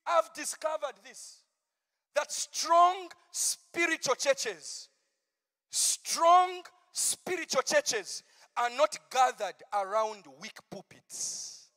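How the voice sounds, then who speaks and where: A pastor preaching a campmeeting sermon, moving from hushed asides to shouted, drawn-out proclamations. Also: male voice, very high-pitched, animated, big-room sound.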